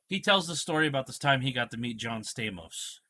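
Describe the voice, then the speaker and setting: A man's voice: mid-range voice, a little fast. A man co-hosting a casual podcast chat, telling stories and acting out the quotes. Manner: animated storyteller, acts out quotes. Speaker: podcast co-host.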